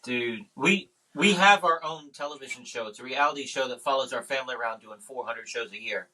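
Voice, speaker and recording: A man's voice: medium pitch, brisk, bright, forceful tone, distant mic, low-quality recording. A man hosting a podcast, chatting casually with dry, self-pitying dad humor. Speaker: podcast host. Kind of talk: casual chat.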